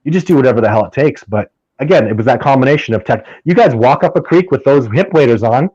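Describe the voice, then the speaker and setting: A man in relaxed interview chat, pushing his points hard and tripping over restarts as he goes. The sound is dull and lo-fi, with no room at all around the voice. His pitch sits in the middle range for a man. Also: fast talker, breathy edge, no room sound. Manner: animated, emphatic storytelling with many restarts. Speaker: podcast guest, field researcher.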